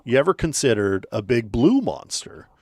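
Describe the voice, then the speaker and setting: A man co-hosting a sports talk show, joking and sarcastic in quick casual banter. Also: medium pitch, very animated, a little mellow, dry recording, studio quality.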